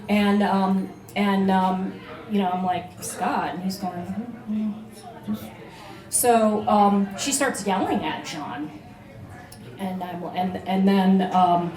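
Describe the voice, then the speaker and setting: Woman, mid-pitched, telling a personal story onstage in a chatty, halting way; echoey room. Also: a little mellow. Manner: conversational, many fillers and restarts. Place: live venue, beach bar room.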